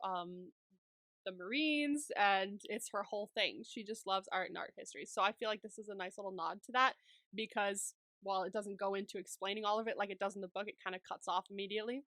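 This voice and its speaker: A woman's voice: medium pitch, brisk, a bit bright, no echo. A woman co-hosting a podcast, recapping a movie in casual chat, laughing often and swearing freely.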